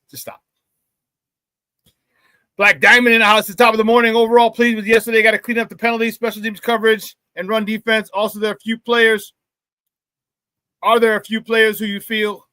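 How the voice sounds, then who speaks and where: Man hosting sports talk, high-pitched, fired-up and loud, slangy banter, dry close sound. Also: no echo. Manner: casual, slangy banter with frequent laughter. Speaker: sports talk show host. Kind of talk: live sports talk show, reading chat shout-outs.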